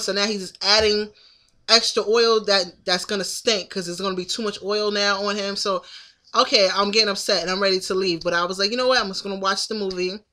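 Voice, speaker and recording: A woman's voice: medium pitch, pushed and bright. A woman in her thirties telling a story to the camera in a casual, indignant venting monologue. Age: 30s. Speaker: vlogger.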